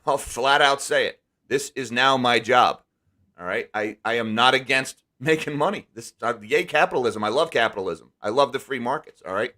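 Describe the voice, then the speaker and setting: A man's voice: mid-range voice, moderate pace, bright, forceful tone. A man hosting a casual live stream, talking candidly and with emphasis, often restarting his words. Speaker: host.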